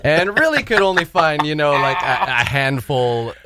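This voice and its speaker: A man co-hosting a morning radio show, chatting loosely and thinking out loud. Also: fairly high pitch, expressive, moderate pace, heavy background noise. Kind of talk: casual chat. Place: radio studio.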